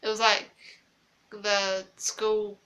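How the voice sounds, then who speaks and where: A woman's voice: medium pitch, completely flat delivery, extremely slow, bright, forceful tone. A woman vlogger telling a personal story in a casual, chatty way, full of fillers and acted-out quotes.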